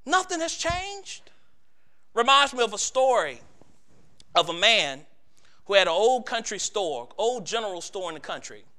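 A male preacher with a very high, bright and crisp voice delivers a sermon. He builds through repeated phrases, slowing and swelling in volume at each climax. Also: sing-song. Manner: builds with repetition, slowing and getting louder at climaxes.

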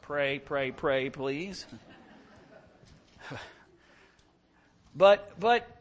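High-voiced man preaching with passion. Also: drawn-out words, slight background noise. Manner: impassioned preaching with rhetorical questions. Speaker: pastor. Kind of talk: sermon.

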